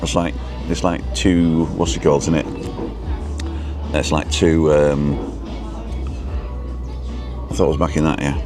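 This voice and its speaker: A man's voice: extremely low pitch, little pitch movement, measured pace, pauses often, music in the background. A man hosting a casual live stream outdoors at a viewpoint cafe, reading a menu aloud and chatting with viewers.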